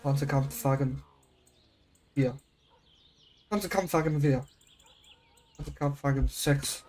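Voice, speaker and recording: This young American streamer has a mid-range, darkish voice and a measured pace, with slight background noise behind him. Chatting casually while gaming, he rambles, second-guesses himself, and tries out German words.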